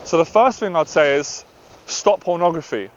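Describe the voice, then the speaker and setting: Talking to the camera at a moderate pace, a man with a voice on the high side comes through over slight background noise. He coaches people on dating and anxiety, speaking earnestly and confessionally and at times voicing the thoughts in his head. The audio is lo-fi and slightly dull.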